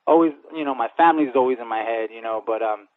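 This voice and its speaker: A man, a professional boxer, answering interview questions in a quick, earnest way and often repeating words as he starts a thought. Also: medium pitch, no echo. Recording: tinny phone-like radio sound, dry.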